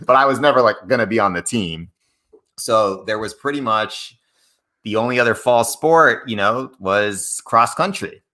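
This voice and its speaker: A man's voice: lowish voice, moderate pace. A man in his thirties from Massachusetts, a guest author telling stories in a casual interview, acting out the voices he quotes. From Massachusetts, USA. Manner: animated storyteller, acts out quoted voices.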